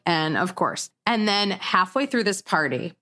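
A woman's voice: on the low side, unhurried. A young woman telling a story casually, laughing often and acting out what people said. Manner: animated, laughs often, acts out quotes. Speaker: storyteller guest.

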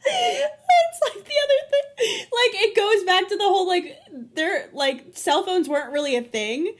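A woman's voice: extremely high pitch, expressive, a little slow. A young woman co-hosting a podcast, giggly and casual, full of filler likes and swearing. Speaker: podcast co-host. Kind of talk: casual chat.

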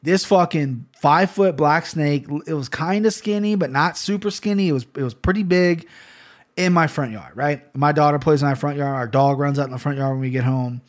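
A man hosting a casual fight-picks show, rambling and swearing freely, often correcting himself mid-sentence. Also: fairly high pitch. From Ohio, USA. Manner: profane, rambling storyteller; fast, excitable tangents with self-corrections. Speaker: MMA fight picks host. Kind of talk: casual chat.

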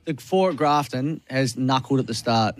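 An Australian man co-hosting a radio show, reacting excitedly to horse races. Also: medium pitch, normal speed, slight background noise. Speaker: radio co-host calling races. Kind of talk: casual radio banter and race calling.

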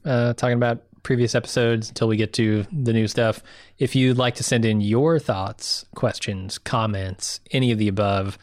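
A man co-hosting a podcast in casual chat, animated and excitable, swearing now and then. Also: on the low side, normal speed, dry recording, clean studio sound. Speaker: podcast co-host.

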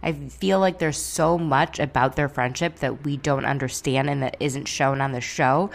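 A woman's voice: rumbling low, fairly even intonation, normal speed, vocal fry. A woman giving a casual, candid recap of a reality show episode, opinionated, with dry jokes and the odd swear word.

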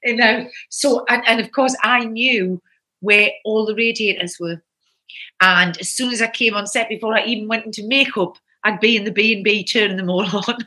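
A woman, chatting animatedly about her acting days and telling lively stories. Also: mid-range voice, normal speed. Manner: animated, lively storytelling with quoted outbursts. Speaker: actress and guest. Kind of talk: casual conversation.

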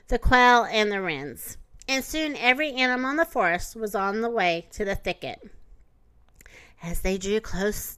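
A woman reading a children's storybook aloud, gentle and expressive. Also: medium pitch, clean tone, dry recording. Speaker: narrator.

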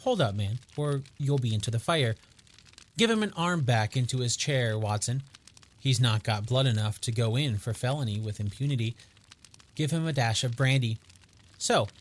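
A man voicing a calm, stern detective who speaks quietly and precisely. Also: mid-range voice, moderate pace, natural voice. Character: cool, commanding male detective.

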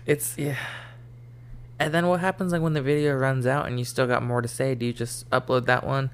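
A man's voice: mid-range voice, little pitch movement, fairly quick, smooth. A young man co-hosting a casual podcast, rambling and groping for words, with mild cursing. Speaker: podcast co-host. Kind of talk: casual crude chat.

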